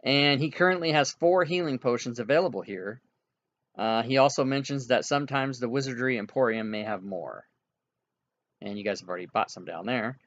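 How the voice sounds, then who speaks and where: A man narrating as game master of a tabletop game, relaxed and reassuring toward his players, on a dull, dry lo-fi recording. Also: mid-range voice, brisk. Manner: relaxed, reassuring, laughs easily.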